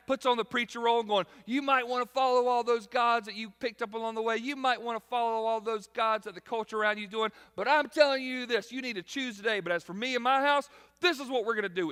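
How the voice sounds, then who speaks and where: A man preaching a sermon as pastor, animated and acting out quotes, shifting between loud and quiet. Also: high-pitched. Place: large church hall. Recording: long hall reverb.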